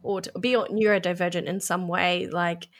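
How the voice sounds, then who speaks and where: A woman podcast host reading a smooth, prepared film summary and then asking her guest questions. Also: fairly low pitch, steady tone, normal speed. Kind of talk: film recap then interview.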